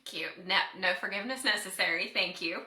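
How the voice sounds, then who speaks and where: Woman, mild Southern accent, very bright tone, echoey room, chatty guest. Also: medium pitch, fast, slight background noise. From North Carolina. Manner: upbeat, chatty, laughs often. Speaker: podcast guest, divorce recovery coach. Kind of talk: casual interview chat.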